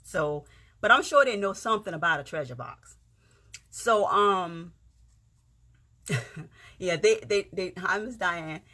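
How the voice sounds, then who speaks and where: Casting: woman with a Lowcountry Gullah-Geechee accent, bright and forceful voice, folksy livestream host on a phone. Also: animated, slow, long pauses. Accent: South Carolina Lowcountry Gullah-Geechee. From Yamassee, South Carolina. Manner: chatty, greets viewers by name, folksy. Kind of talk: casual encouraging livestream talk. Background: faint music.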